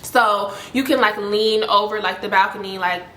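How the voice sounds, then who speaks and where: Bright-voiced young woman telling a story. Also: normal speed, echoey room, a little hiss or hum. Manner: animated, heavy use of "like", voices other people with high pitch jumps. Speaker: storytime vlogger. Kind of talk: casual storytelling.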